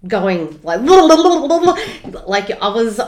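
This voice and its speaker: An Australian woman co-hosting a podcast in casual chat, talking excitedly with her words running together. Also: fairly high pitch, drawn-out words, echoey room. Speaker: podcast co-host.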